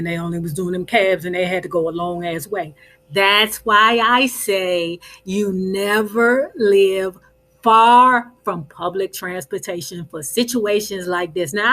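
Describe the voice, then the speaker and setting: A woman retelling a novel in a casual storytelling recap, chatty, with sassy asides to the listener. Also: mid-range voice. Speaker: book recap host.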